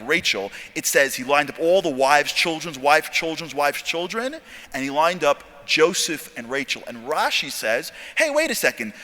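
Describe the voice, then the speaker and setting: A man giving a storytelling sermon talk at a convention, animated and jokey, acting out dialogue. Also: mid-range voice. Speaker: speaker at a convention. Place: large convention hall. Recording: long hall reverb.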